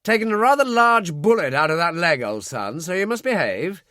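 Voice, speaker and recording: A man reading an audiobook, voicing a brisk, hearty army medical colonel. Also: high voice, sing-song, sharp tone, no room sound, studio quality, pitched above the performer's own voice, full character voice.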